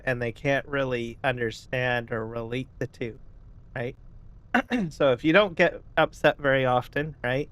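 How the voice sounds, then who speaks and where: A man chatting casually on a live game stream, rambling and tagging his sentences with "right?", and often clearing his throat. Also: mid-range voice, measured pace, fairly bright tone, no echo. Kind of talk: casual chat while gaming.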